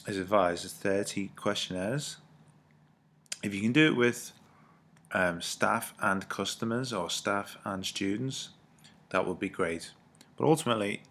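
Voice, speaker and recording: Deep-voiced man talking through a lesson. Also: fairly bright tone. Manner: informal, self-correcting, apologetic asides. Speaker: teacher. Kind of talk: recorded lesson walkthrough.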